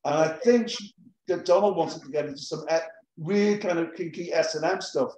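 A man's voice: a little high, moderate pace, a little mellow, roomy sound, poor audio. A man at an open mic reading a satirical advice letter aloud in a dry storytelling manner.

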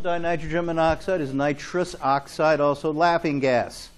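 A man's voice: fairly high pitch, fairly even intonation, normal speed, few pauses, a little hiss or hum. A man lecturing a chemistry class in a classroom, chatty and joking, often checking in with "okay?". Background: students in class.

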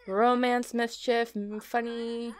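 Brief: young female let's-player, giggly and chatty, a bit high-voiced, reacting out loud. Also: little pitch movement, slow pace. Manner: chatty, giggly, exclaims at small things. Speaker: let's play host. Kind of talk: casual gameplay commentary.

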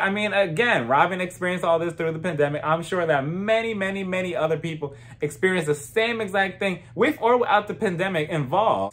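A man's voice: high-pitched, fairly bright tone. A man giving a casual, chatty recap of a reality show, gossipy and often breaking into laughter. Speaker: reality TV reviewer.

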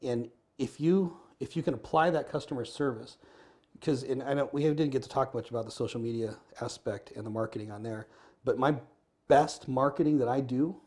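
An American man, quick and earnest, tells a story in an interview, playing out the back-and-forth of everyone in it. His voice is dark and mellow, and his pace barely lets up. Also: medium pitch. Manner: earnest, fast storyteller acting out dialogue. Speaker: podcast guest.

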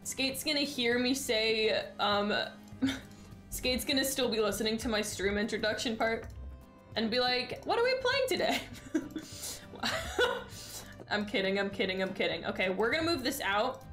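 A woman's voice: a little high, normal speed, a bit bright, faint music behind. A woman streaming a game in casual chat, exasperated and sarcastic, swearing freely. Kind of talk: casual live-stream chat while gaming.

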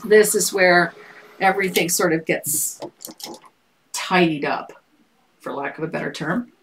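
A woman's voice: on the low side, a little slow, fairly bright tone, a little hiss or hum, low-quality recording. A middle-aged woman teaching a live painting lesson, explaining steps in a playful, teasing way with frequent laughter. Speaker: painting instructor.

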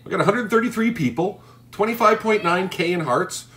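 A man's voice: high-pitched, fairly quick, a bit bright. A man hosting a livestream roast, brash and mocking, cursing constantly. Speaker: livestream host. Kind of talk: profane roast livestream chat.

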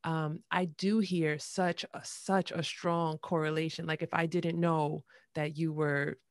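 A woman hosts a podcast interview, chatting in an animated, friendly way full of fillers. Her voice is low for a woman, and the sound is close and dry. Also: measured pace, no room sound. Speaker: podcast host.

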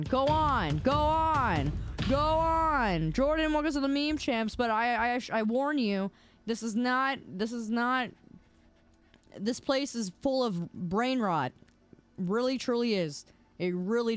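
A woman's voice: fairly high pitch, lively intonation, slow pace. A woman streamer playfully teasing her chat with mock-angry outbursts while gaming. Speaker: game streamer.

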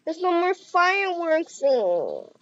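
An excitable young woman with a very high, bouncy voice, giggling and chattering at characters as she plays a game with a friend. The sound is muffled and lo-fi, yet dry and close, with no room around her. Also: takes it slowly. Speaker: gamer playing with a friend. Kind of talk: casual gameplay chatter.

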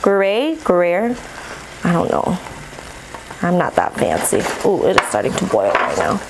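A woman chatting casually to her viewers while she cooks, bubbly and excitable, recorded on a camera mic in a home kitchen. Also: low voice, normal speed, gravelly, very noisy. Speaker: mukbang vlogger. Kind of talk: casual vlog chat while cooking.

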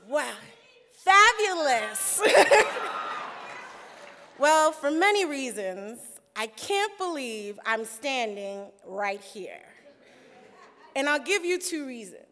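A woman's voice: high voice, big pitch swings, slow, a bit bright, slight background noise. A young woman giving a playful, sassy speech to a conference crowd, laughing often. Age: young adult. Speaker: conference speaker. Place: large conference hall. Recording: reverberant hall with crowd.

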